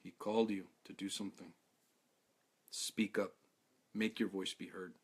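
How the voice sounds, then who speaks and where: An exhausted man talking to his followers in a live video, halting and stammering, repeating his words, earnest and heartfelt. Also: sits low, level tone, slightly rough. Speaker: activist speaking to followers.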